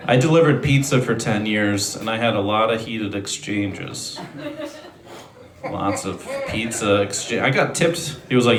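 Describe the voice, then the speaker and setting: Deadpan male comic, echoey room. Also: on the low side, takes it slowly, pauses often, a crowd in the background. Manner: deadpan, self-deprecating one-liners with throat clearing. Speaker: stand-up comedian. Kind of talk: deadpan stand-up set. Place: comedy venue stage. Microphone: handheld stage mic on a speaker.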